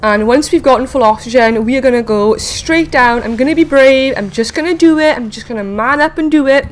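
A woman hosting a casual game video, chatting excitedly to viewers and talking to the creatures she meets. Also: high voice, fairly quick. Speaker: gaming video host. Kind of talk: casual let's-play commentary.

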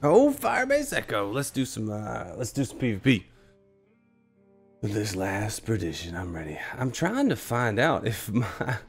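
A man gives casual live commentary on his gameplay while fighting a cold. His low, gravelly voice jumps around in pitch, and he chats freely with teammates and viewers between coughs. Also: animated, unhurried, soft background music. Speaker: gaming streamer.

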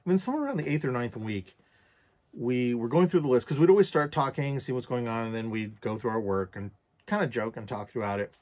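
A man's voice: mid-range voice, brisk, a little mellow. A man recounting a personal story for a journal vlog, candid and reflective, with casual swearing. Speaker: vlogger.

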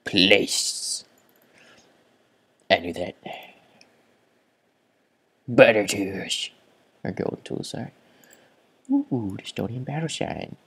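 A man with a stuffy, congested voice narrates his own gameplay in an unhurried, drawn-out way. He swings between quiet mutters to himself and sudden excited gasps. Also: fairly low pitch, vocal fry, breathy edge. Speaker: gaming channel host. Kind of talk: let's play commentary.

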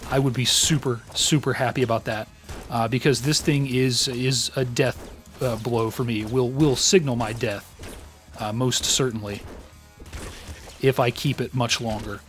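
Man, mid-pitch, casual gameplay host, rambling and self-mocking, faint music underneath. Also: steady tone, unhurried. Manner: self-deprecating, rambling with many fillers. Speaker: let's play host.

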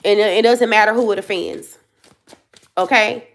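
A woman's voice: medium pitch, normal speed, gravelly. A woman in her thirties giving a casual tarot reading, blunt and emphatic, repeating herself and swearing freely. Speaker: tarot reader.

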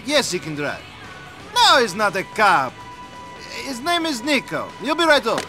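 A man's voice: high voice, huge pitch swings, moderate pace, bright, forceful tone, soft background music, full character voice. An actor playing a cheerful, debt-ridden male cousin in a video game, chatty and making excuses. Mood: sheepish.

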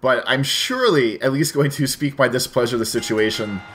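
A man's voice: medium pitch, a little fast, fairly bright tone, slight background noise. A man hosting a game playthrough, telling a long story in a casual, rambling way with lots of swearing and restarts. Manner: rambling, profane, with frequent restarts. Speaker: let's play host. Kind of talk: casual storytelling over gameplay.

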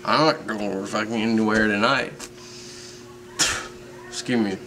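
A man's voice: lowish voice, steady tone, a little slow, bright, forceful tone. A man playing a drunk, rambling male fan with a Southern accent, swearing and repeating himself in a comedic monologue, heard from a distance. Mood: drunken rambling. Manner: rambling, profane, repetitive. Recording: distant mic with faint background noise.

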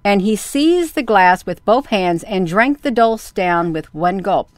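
Slow, clear woman reading a story. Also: mid-range voice, expressive, dry recording.

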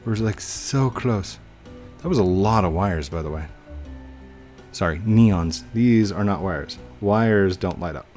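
A young man giving casual gameplay commentary, chatting to himself with sudden excited outbursts. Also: low-pitched, slow, faint music behind. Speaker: gaming YouTuber.

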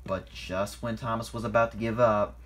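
A man's voice: on the low side, steady tone, normal speed. A man reading his own fan story aloud, informally and with small slips.

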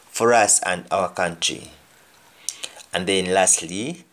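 A man teaching a language lesson, repeating each example phrase deliberately. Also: deep voice, fairly bright tone.

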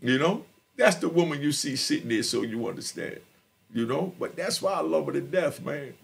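A man's voice: a little high, animated, moderate pace, gravelly, husky. A middle-aged man telling his personal story as a podcast guest, emphatic and streetwise, speaking straight to his listeners.

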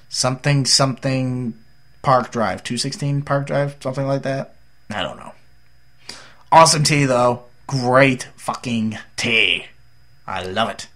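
A man's voice: mid-range voice, fairly bright tone. A tired young man from the United States rambling through a casual, jokey vlog update as a gaming YouTuber.

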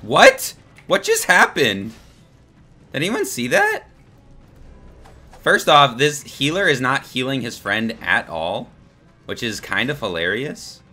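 A young man giving live, excitable gameplay commentary to his chat, swearing and laughing as he plays. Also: mid-range voice, a little slow, long pauses, faint music behind. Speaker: streamer.

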